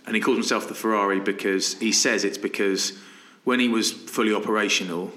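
A man in his thirties chats on a podcast, spinning anecdotes and slipping into his friends' voices. His voice is bright and fairly low. The room around him sounds echoey. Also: steady tone, fairly quick. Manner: storytelling, laughs often, acts out quoted friends. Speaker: podcast co-host. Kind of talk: casual chat.

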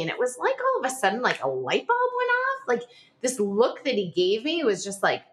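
A woman's voice: a little high, fairly quick. A middle-aged woman, a podcast guest, telling a personal story in an interview, full of "like" and acting out past conversations. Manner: animated, frequent filler "like", reenacts dialogue.

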